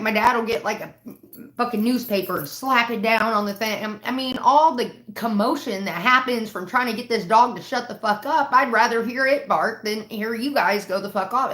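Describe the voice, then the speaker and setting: A woman's voice: a little high, a bit bright. A woman on a livestream telling a long, exasperated, profanity-laced story in casual chat. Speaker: livestream host. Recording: roomy echo.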